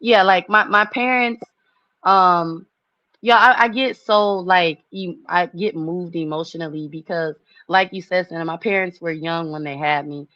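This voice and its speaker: A woman, chatting casually with a friend, animated and laughing. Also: on the low side, a little slow, dry recording, lo-fi sound. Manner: animated, laughing, acts out relatives' voices. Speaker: host. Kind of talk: casual chat.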